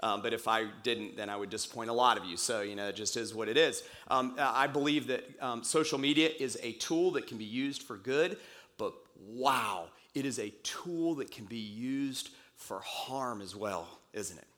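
A pastor recovering from a cold, preaching a conversational sermon in church and repeating key phrases slowly for emphasis. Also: male voice, medium pitch, fairly bright tone.

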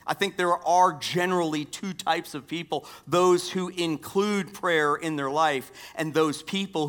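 A pastor giving a sermon, repeating key phrases and dropping from strong emphasis to near-whispers. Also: male voice, a little high, measured pace, hardly any pauses, clear, resonant tone. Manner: dynamic swings from loud emphasis to hushed near-whispers.

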